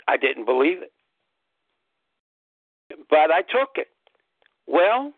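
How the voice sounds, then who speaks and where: A man tells his health story in an earnest monologue, circling back to repeat his key lines. His fairly high voice has a gravelly edge and moves at an unhurried pace. The sound is dry and tinny, like a phone line. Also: dry recording. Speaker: host. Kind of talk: personal health talk monologue.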